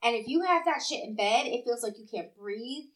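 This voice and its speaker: A woman's voice: a little high, animated, brisk, a loud crowd. A woman in her thirties co-hosting a podcast in casual chat, blunt and profane with a teasing edge. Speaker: podcast co-host.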